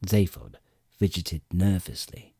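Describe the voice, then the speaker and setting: A man narrating an audiobook with expressive storytelling and dry comic timing. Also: deep voice, slow, gravelly, slightly rough, no room sound. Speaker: audiobook reader.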